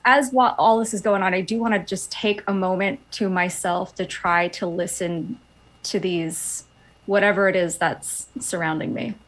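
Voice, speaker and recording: A woman's voice: medium pitch, steady tone, normal speed. A woman playing a tabletop game, talking in a thoughtful, tentative way. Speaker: player. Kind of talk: casual tabletop play.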